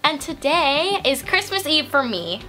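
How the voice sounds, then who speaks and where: A woman hosting a casual vlog at home, excitedly gushing and giggling as she opens presents. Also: sits high, unhurried, faint music behind. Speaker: vlog host. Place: at home on Christmas Eve.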